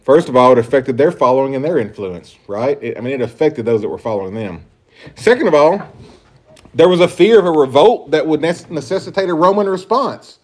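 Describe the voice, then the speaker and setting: A man's voice: on the high side, expressive, fairly quick. A man preaching a sermon, emphatic and full of rhetorical questions, rising and dropping in volume as he stresses points. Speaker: pastor.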